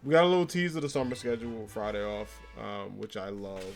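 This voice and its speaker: A man with a lowish, gravelly voice streams a video game and chats casually with viewers at a brisk, animated pace. He rambles with lots of fillers and frequent laughs while reading their comments aloud and answering them, with faint game music in the background.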